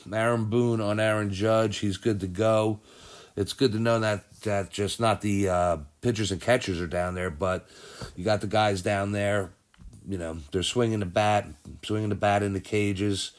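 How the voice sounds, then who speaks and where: The host of a casual sports podcast has a lowish voice. He meanders through the latest results and news, reasoning aloud and frequently revising what he's just said.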